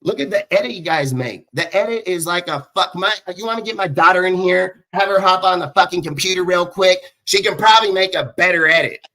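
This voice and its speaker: Mad guy going off on haters, lots of swearing, high bright voice. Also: fairly quick, hardly any pauses. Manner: profane, combative, shouting at critics. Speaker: show host. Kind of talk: angry ranting monologue.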